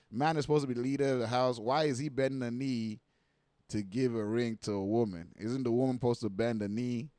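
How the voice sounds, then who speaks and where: A man giving casual reaction commentary, animated and profane, full of slang and repeated asides like "you know what I mean.". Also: mid-range voice, clear, resonant tone, dry recording, studio quality.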